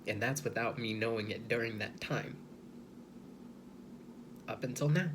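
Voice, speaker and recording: A man speaking slowly and hesitantly in a personal video monologue, softly and with many pauses and restarts. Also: medium pitch, background noise. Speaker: vlogger.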